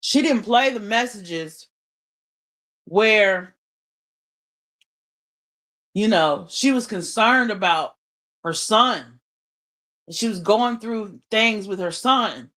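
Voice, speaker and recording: A woman hosting a livestream, her voice bright and sharp-edged. She talks slowly and deliberately, venting with emphasis and swearing freely. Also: mid-range voice. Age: adult mother. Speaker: livestream host. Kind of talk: unscripted livestream monologue.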